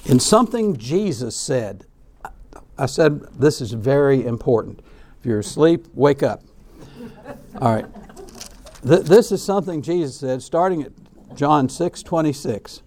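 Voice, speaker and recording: A man preaching a sermon on baptism in an emphatic way, with frequent restarts and repeated words, shifting loudness and pace. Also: medium pitch, animated, unhurried, pauses often.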